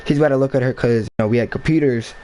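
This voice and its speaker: Casual vlogger man, rambling and slangy storytelling, mid-pitched. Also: rapid-fire, warm tone, a little hiss or hum, rough recording.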